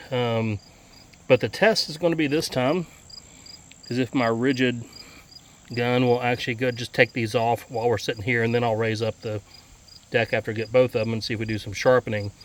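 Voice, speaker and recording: A man giving a casual, rambling how-to walkthrough outdoors beside his tractor, with lots of fillers. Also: medium pitch. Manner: folksy, rambling, many fillers. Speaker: equipment vlogger.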